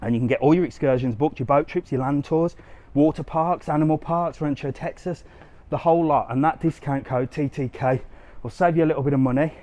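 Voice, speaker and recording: A travel vlogger with a slightly high voice and dark tone talks fairly quickly as he strolls a busy resort strip on a live stream. He's chatty and casual with his viewers, offering walking-tour commentary while a little out of breath.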